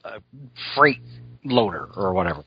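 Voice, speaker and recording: A man hosting a podcast, chatting casually with many fillers and restarts and clearing a scratchy throat. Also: sits low, big pitch swings, moderate pace, lo-fi sound. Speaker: podcast host reviewing a cartoon. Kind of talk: casual chat.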